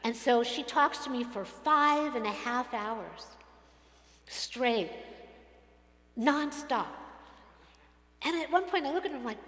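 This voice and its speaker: A woman's voice: high-pitched, unhurried, long pauses. Woman preaching in an echoey hall. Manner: animated storytelling, acts out quotes. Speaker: rabbi. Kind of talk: sermon with personal stories. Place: synagogue sanctuary.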